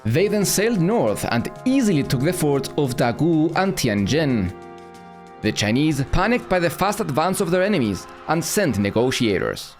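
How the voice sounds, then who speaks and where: A man narrating an animated history video in a brisk, matter-of-fact tone. His voice sits a bit high and swings lively in pitch. Soft music runs underneath. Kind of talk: scripted narration.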